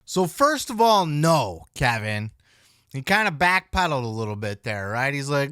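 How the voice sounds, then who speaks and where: A man's voice: medium pitch, big pitch swings, measured pace, fairly bright tone, no echo, studio quality. A man hosting a podcast, giving casual, opinionated commentary full of swearing. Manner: profane, opinionated. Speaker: podcast host.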